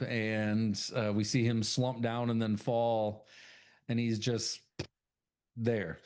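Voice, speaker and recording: A man co-hosting a horror podcast, loosely retelling a film's plot with swearing and acted-out character lines. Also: mid-range voice. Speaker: podcast co-host. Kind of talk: casual movie recap chat.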